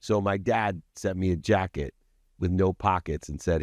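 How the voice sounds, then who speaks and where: A man with a very low voice recounts his life story as a podcast guest, with intense, confessional emphasis. The sound is close and dry. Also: normal speed, no room sound. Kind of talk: personal storytelling in an interview.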